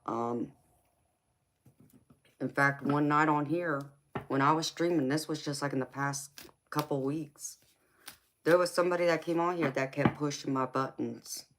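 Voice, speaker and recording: A woman's voice: low-pitched, measured pace, long pauses, background noise. A middle-aged woman talking casually to viewers on a live stream, speaking with passion and conviction and calling them honey and baby. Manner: passionate, emphatic, talks to chat with endearments. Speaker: tarot reader and live streamer.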